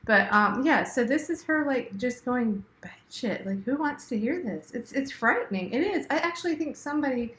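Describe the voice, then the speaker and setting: A woman's voice: sits high, animated, fairly quick, hardly any pauses, a bit bright. Laughing blunt woman in an echoey room. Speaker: podcast co-host. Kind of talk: casual chat. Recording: echoey room with faint noise.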